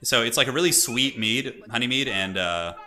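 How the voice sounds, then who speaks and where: A young man streaming and chatting excitably as he commentates a multiplayer strategy game, laughing often. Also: mid-range voice, normal speed.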